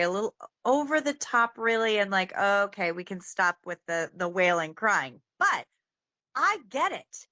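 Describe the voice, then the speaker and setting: A woman's voice: mid-range voice, bright, forceful tone, no room sound, dull audio. A woman who is a guest on a podcast, earnest and meandering as she talks about a film. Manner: earnest, meandering, many fillers. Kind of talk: casual film discussion.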